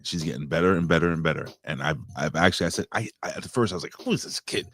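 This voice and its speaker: A man's voice: very deep voice, racing, fairly bright tone, slight background noise. A middle-aged man hosting a wrestling review stream, rambling casually, swearing and greeting viewers in the chat. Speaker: wrestling review show host.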